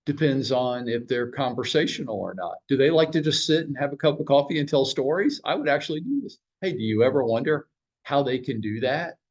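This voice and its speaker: Here the man running the real estate office speaks at a medium pitch, and the recording has its highs cut off. He's heading a training huddle for his agents, bluntly telling stories, swearing a little, and throwing rhetorical questions at them.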